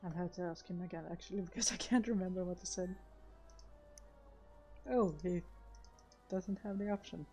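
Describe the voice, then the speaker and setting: Brief: casual woman game streamer, mellow, hesitant, faint music. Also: on the low side, steady tone, moderate pace, long pauses. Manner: chatty, self-deprecating, hesitant.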